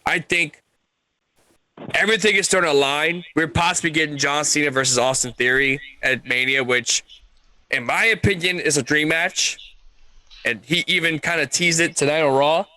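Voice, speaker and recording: Animated, bright-voiced male podcast co-host. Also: a little high, moderate pace. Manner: animated, emphatic, swears freely. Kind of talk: casual chat about wrestling.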